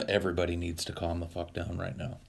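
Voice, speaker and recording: Young male streamer, very low husky voice, crude and rambling, bossing his chat around. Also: a little fast. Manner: profane, rambling, mock-commanding. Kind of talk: casual livestream chat.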